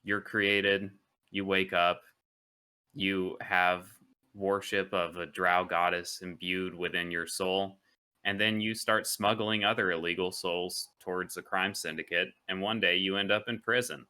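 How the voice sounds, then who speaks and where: A man with a very low yet bright voice speaks slowly and smoothly. He is wry and relaxed as a player in a tabletop game. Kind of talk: casual chat.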